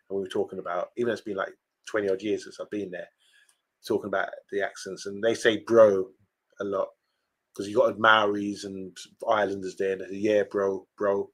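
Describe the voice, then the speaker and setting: A man with a lowish voice co-hosts a live stream. He chats loosely, reads out viewer comments, and laughs easily as he talks. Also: a bit bright, breathy edge. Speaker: podcast co-host. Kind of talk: casual live-stream chat.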